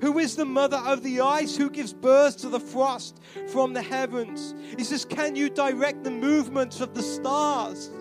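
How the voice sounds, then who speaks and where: A man preaches a sermon in a strikingly high voice, with guitar and band music playing beneath him. His delivery swings from hushed, near-whispered pleading to loud, soaring proclamation. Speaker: pastor. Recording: live church sermon with band playing behind.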